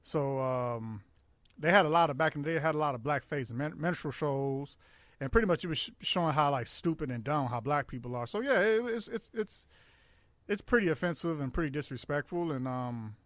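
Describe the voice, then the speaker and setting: Animated, crude male podcast co-host. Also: fairly high pitch, fairly quick, no echo. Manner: loose, animated storyteller, crude and laughing. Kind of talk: casual podcast chat.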